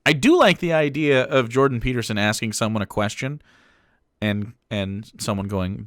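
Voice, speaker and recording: A man's voice: mid-range voice, moderate pace, fairly bright tone, no echo, studio quality. A man streaming live who mocks a clip in casual, profane commentary. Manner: mocking, profane, swings between jokes and asides.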